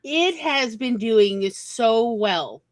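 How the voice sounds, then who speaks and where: A woman's voice: a little high, expressive, very slow, no room sound, poor audio. A woman hosting a casual chat, talking eagerly with lots of fillers. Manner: chatty, enthusiastic, many fillers. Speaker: host, writer.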